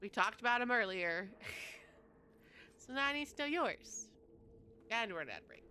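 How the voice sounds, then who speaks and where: A woman's voice: a little high, expressive, moderate pace, sharp tone, slight background noise. A young woman hosting a livestream, chatting casually and addressing her chat directly. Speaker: livestream host.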